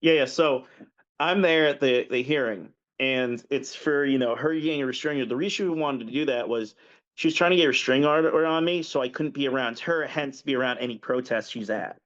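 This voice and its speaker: A man's voice: medium pitch, fairly quick, a bit bright. A man telling a story as a podcast guest in casual conversation, rambling, restarting sentences and filling gaps with fillers. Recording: dull lo-fi audio.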